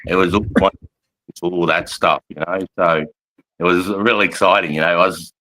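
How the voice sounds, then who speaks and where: A man's voice: sits low, steady tone, normal speed, bright, forceful tone. A man in his forties with an Australian accent, an army veteran telling war stories in a casual, rambling, heavily profane way and laughing often. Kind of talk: casual storytelling chat.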